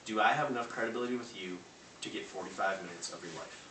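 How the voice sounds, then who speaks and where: A man giving a loud, punchy sales pep talk to a live audience, acting out phone calls. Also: lowish voice, fast. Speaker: motivational speaker. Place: large room before a live audience. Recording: echoey hall from far off, faint noise.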